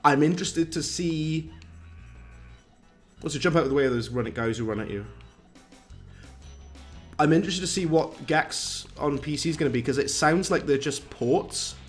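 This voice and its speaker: A man's voice: fairly high pitch, normal speed, pauses often. A man giving casual, rambling commentary on a live game stream, chatting with viewers and reading out their messages. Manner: chatty, rambling, reads chat aloud, British slang. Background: game music.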